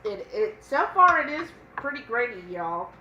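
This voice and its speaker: A woman's voice: on the high side, sing-song, moderate pace, pushed and bright, echoey room, muffled recording, slight background noise. A woman co-hosting a casual cooking live stream, chatting and reading viewer comments aloud. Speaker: cooking channel co-host.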